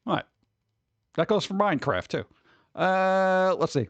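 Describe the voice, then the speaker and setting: A man's voice: high-pitched, animated, moderate pace, pauses often, no room sound, muffled recording. A man chatting casually with his stream chat, rambling with many restarts. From New York. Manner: rambling, restarts, mimics people in quotes.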